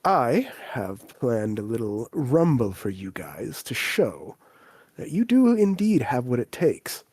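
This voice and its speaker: A man voicing a stern, disdainful elven king and father, speaking low, quiet and deadpan. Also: slow pace, slightly rough, no echo, full character voice. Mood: cold disdain.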